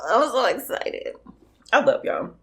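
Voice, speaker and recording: A woman's voice: on the high side, big pitch swings, unhurried, fairly bright tone. A young woman from California talking bluntly and emphatically to her viewers while eating on camera. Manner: blunt, emphatic, talks between bites. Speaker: mukbang vlogger. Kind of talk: casual eating vlog chat.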